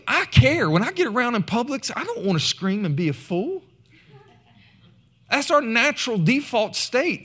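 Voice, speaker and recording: Animated man preaching. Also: sits high. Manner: animated, rising to loud emphasis when reading scripture. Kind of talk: sermon.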